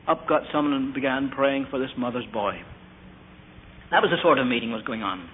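A man's voice: mid-range voice, fairly quick. Tinny-sounding preacher man telling stories. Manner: earnest, anecdotal, asks the audience questions. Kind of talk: storytelling sermon. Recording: tinny lo-fi recording with faint hiss.

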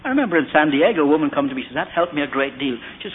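A man's voice: a little high, lively intonation, very fast, hardly any pauses, a little hiss or hum. Preacher man on a tinny old recording. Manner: storytelling with quoted asides and rhetorical questions. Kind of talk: sermon.

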